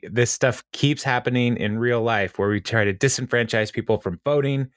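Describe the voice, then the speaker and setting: A man's voice: fairly low pitch, no room sound, studio quality. A man co-hosting a podcast, chatting casually with easy laughs and hesitant fillers. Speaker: podcast co-host. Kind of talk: casual chat.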